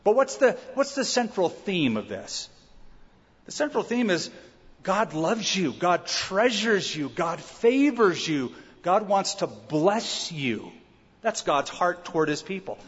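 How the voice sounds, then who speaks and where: A man's voice: high voice, sing-song, slow pace, husky. Emphatic man preaching in a big hall. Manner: emphatic, rhetorical questions to the congregation. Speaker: pastor. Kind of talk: expository sermon. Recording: dull reverberant church sound.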